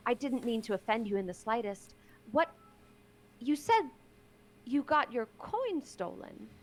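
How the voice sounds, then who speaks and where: A woman's voice: a little high, big pitch swings, measured pace. A woman voicing a gregarious, theatrical changeling who speaks in a courtly, overly polite way. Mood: apologetic.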